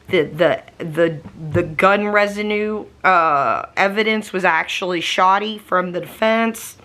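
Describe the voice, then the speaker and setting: A woman's voice: lowish voice, normal speed, hardly any pauses, a bit bright. A woman vlogger chatting casually to camera at home, rambling with lots of fillers while getting over a migraine. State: recovering from a migraine.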